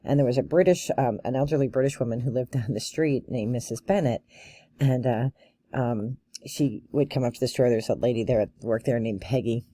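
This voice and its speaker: A woman's voice: rumbling low, brisk, warm tone, no echo, studio quality. A woman vlogging in a casual chat, a chatty storyteller who laughs often and fills her talk with "you know" and "um". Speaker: bagpiper and vlogger.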